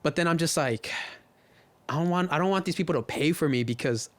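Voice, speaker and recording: A man's voice: a little high, brisk, dry recording. A man from the Inland Empire in California, a podcast guest telling stories loosely in casual chat, full of slang and swearing.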